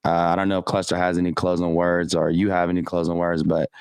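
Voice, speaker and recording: A man hosting a podcast in casual chat, excitable and slangy, laughing often. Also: low-pitched, fast talker, creaky, clear, resonant tone, no echo, studio quality. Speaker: podcast host.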